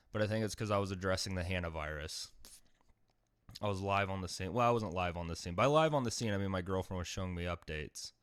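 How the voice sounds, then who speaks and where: A man tells a comic story in a lowish, dry voice. His delivery is deadpan, and then he suddenly bursts out loud. The sound is close and dead, with no room echo. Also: smooth. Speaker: podcast host. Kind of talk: comedic monologue.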